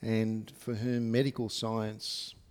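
A man's voice: on the low side, completely flat delivery, takes it slowly, darkish tone, smooth. A man preaching a sermon to his congregation, speaking conversationally with many fillers and asides. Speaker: pastor. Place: church service.

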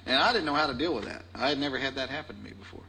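A man's voice: mid-range voice, animated, rapid-fire, vocal fry, sharp tone, a little hiss or hum, low-quality recording. A man telling a story in an interview, folksy and self-mocking.

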